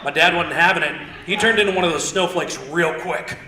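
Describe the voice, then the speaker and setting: A young man from Indiana doing a stand-up comedy set on a theater stage, telling rambling stories and punching lines with sudden shouts. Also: a little high, fairly quick, background noise. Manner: loose, rambling storytelling with stutter-mimicking bits and sudden shouted punchlines. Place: theater stage with live audience. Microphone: handheld stage mic. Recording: roomy theater sound.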